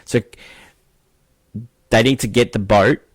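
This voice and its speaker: Low-voiced man recapping a film casually. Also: slow, breathy edge, no room sound. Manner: rambling, hesitant, full of fillers. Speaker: film review podcast co-host.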